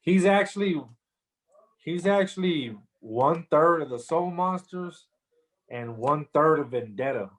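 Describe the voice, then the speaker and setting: A man's voice: fairly high pitch, expressive, a little slow, a bit bright. A man guest on a podcast, telling a story loosely with lots of slang and fillers. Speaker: rapper guest. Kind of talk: casual interview storytelling.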